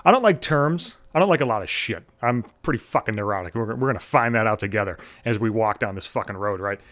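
Fast-talking, with a voice on the low side, this thirty-something comedian from around Buffalo, US, spins a lengthy anecdote that mocks himself. It's packed with profanity, and he brings the characters to life with acted-out quotes.

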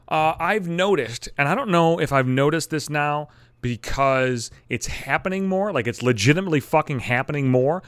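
A man's voice: mid-range voice, fairly bright tone, no room sound. A man in a profane, exasperated comedic monologue rant, swearing constantly. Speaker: comedic ranter.

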